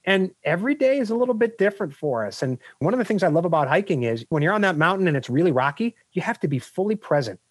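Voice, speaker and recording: A middle-aged man, a business coach and guest, talking in an energetic, emphatic way full of anecdotes. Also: sits high, fast, few pauses, no echo, studio quality. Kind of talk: interview answers.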